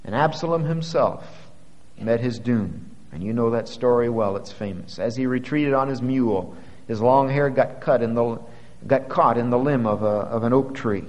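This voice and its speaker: A man preaching a sermon. He retells a scripture story with dramatic swings from quiet to loud. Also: medium pitch, moderate pace, long reverb tail, highs cut off.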